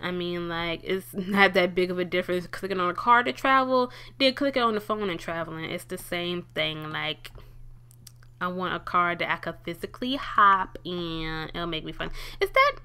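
A woman's voice: normal speed, smooth. Young woman, casual gameplay commentator, talkative, talks back to the screen. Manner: chatty, talks to the game characters, bursts of excited high pitch. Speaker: let's play gamer.

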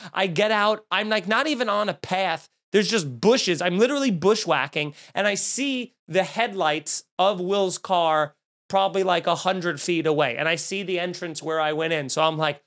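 A young man, a comedian hosting his podcast, telling a story as a profane, exasperated rant and acting out the quotes loudly. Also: high voice, normal speed. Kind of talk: animated comic storytelling rant.

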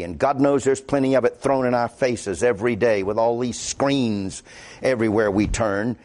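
A man's voice: medium pitch, moderate pace, darkish tone. A man with a Midwestern American accent preaching a sermon as pastor, conversational and quoting scripture aloud.

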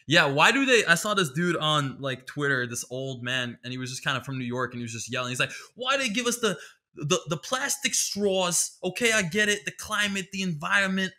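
Profane, sharp-voiced comedic man. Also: mid-range voice. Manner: rambling, profane, sarcastic. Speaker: podcast host. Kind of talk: comedic monologue.

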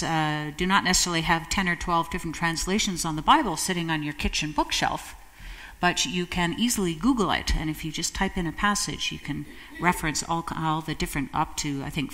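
A woman preaching a sermon in a fairly low voice, measured and reflective, stretching key phrases slowly. Her words ring out with the long reverb of a church sanctuary. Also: bright, forceful tone. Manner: measured and reflective, slowing for emphasis.

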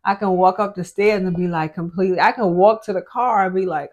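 A woman's voice: fairly low pitch, brisk, darkish tone, highs cut off. A pregnant woman in her thirties, a family vlogger talking candidly with her husband in a casual sit-down chat, full of "like" fillers. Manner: candid, chatty, with many "like" fillers. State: pregnant, often out of breath.

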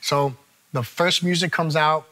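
A man telling a long story as a guest, animated and profane in a casual chat. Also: on the high side, unhurried.

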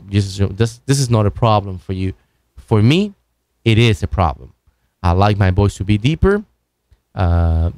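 A man hosting a video, casually demonstrating microphones at his home studio desk and talking in a loose, halting way with many restarts. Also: mid-range voice, darkish tone, no echo. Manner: loose, halting talk with many restarts while moving around the mic. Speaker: video host reviewing microphones. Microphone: broadcast microphone on an arm, at varying distance.

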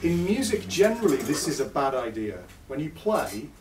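This guitar clinician's voice is on the high side, very animated, at a normal speed, as he runs a chatty, self-deprecating live lesson for a music-store audience. Guitar plays between his phrases, and the echoey shop is recorded from far off.

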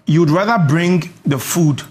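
A man's voice: on the high side, a little slow, darkish tone, faint music behind. A man with a Ghanaian accent giving heated political commentary, indignant and emphatic, repeating himself for stress. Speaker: host.

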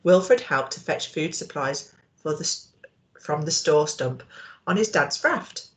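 A woman teacher reading a storybook aloud to young children, expressive and asking them questions. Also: low voice, unhurried.

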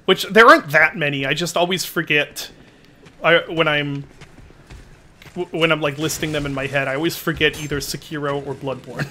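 A man's voice: on the high side, fairly even intonation, normal speed, sharp tone, a little hiss or hum. A man with an unusual, odd-sounding voice, chatting in a rambling, self-deprecating way while streaming a game and exclaiming at his mishaps. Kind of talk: casual chat while playing a game.

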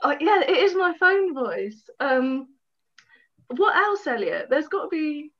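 A woman's voice: high voice, very animated, measured pace. A woman, an actress, chatting as a guest over a video call, giggly and self-mocking. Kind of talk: casual interview chat. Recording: dull lo-fi video call audio.

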